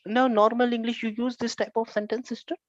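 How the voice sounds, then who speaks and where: A man's voice: very high voice, level tone, fairly quick, no echo, muffled recording. A man teaching an Arabic grammar class, explaining earnestly and repeating points.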